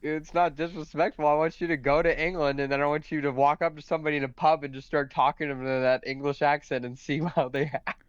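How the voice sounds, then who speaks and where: A man on a casual podcast, teasing his co-hosts with quick, jokey banter. He talks fast in a smooth, clear voice, heard through a dull, dry remote microphone. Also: fairly high pitch, little pitch movement, no room sound. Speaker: podcast co-host.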